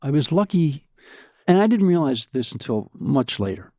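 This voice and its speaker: An older man, a podcast guest, telling long anecdotes in a lively way, acting out the voices of people he quotes and often repeating words. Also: mid-range voice, moderate pace, no room sound, studio quality. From United States. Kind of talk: anecdotal storytelling.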